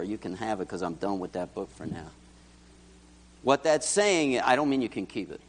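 A pastor with a medium-pitched voice delivers an animated sermon at a measured pace with long pauses, often asking his congregation questions directly. Church hall reverb surrounds his speech.

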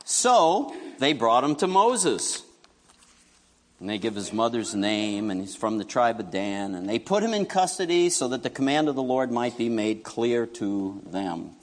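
A man's voice: mid-range voice, measured pace, long reverb tail. A middle-aged man preaching a sermon as a pastor, telling stories in a conversational way and acting out quotes. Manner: conversational, animated storytelling with acted quotes.

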